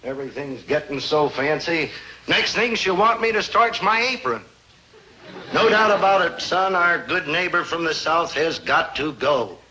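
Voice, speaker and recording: A man's voice: a little high, moderate pace, sharp tone, slight background noise, poor audio. A middle-aged actor playing a sardonic, grumbling penny-pinching father in a 1950s sitcom.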